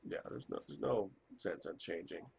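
A man streaming a game, chatting in a rambling, self-interrupting way while hoarse from a cold. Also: deep voice, animated, moderate pace, darkish tone, lo-fi sound, slight background noise. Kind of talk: casual chat while gaming.

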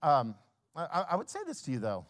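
A male pastor preaching a sermon, swinging from hushed lines to loud acted-out scenes. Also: a little high, very animated, brisk. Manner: acts out little scenes in quoted voices.

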